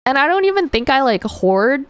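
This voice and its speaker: A woman's voice: high-pitched, sing-song, moderate pace, dry recording. A woman streamer in casual live stream chat, giggly and playful as she talks to her chat.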